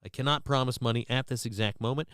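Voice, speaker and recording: Man doing a calm male crisis negotiator, formal, polite, dry close sound. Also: mid-range voice, fast talker, clean tone, dry recording, close to an everyday voice. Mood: mock formal. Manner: stiff, polite, businesslike.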